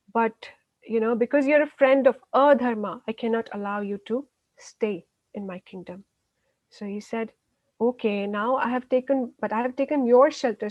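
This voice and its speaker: A woman tells a story to children in plain, simple words. She often restarts her sentences and fills gaps with "uh." Her voice sits fairly high and sounds close and dry, on a dull recording. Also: a little mellow, no echo. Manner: simple retelling with frequent restarts and fillers. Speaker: children's class teacher.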